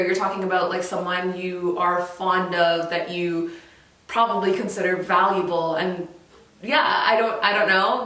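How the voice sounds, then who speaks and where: A woman's voice: mid-range voice, a bit bright. Young canadian woman vlogging, chatty and giggly, super echoey room, mic kinda far. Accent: Canadian English. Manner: chatty, laughing often, trailing off and restarting. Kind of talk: casual chat to camera.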